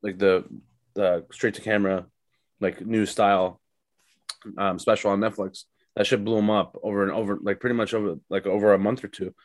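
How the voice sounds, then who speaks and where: A man's voice: on the low side, flat delivery, brisk, dry recording. A young man, a stand-up comic, chatting casually on a podcast with lots of fillers and swearing. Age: young adult. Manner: loose, profane, rambling with many fillers. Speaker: stand-up comedian, podcast guest.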